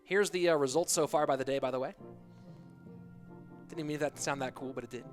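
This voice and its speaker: Guy casting a game tourney live, high voice, chatty and hyped, music going behind him. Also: fast talker. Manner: chatty, excitable play-by-play, talks to chat. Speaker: esports caster. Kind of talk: live stream commentary.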